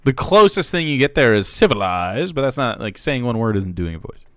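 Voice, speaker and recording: Dude streaming n reacting, sarcastic, swears a lot, bouncy pitch, dry mic. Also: male voice, sing-song, fairly quick, dry recording. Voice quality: casual, sarcastic, swears freely. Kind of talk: casual reaction commentary.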